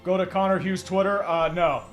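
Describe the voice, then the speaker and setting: A man's voice: high voice, little pitch movement, fairly quick, soft background music. A man streaming casual football chat, rambling with melodramatic fan despair. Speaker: sports streamer.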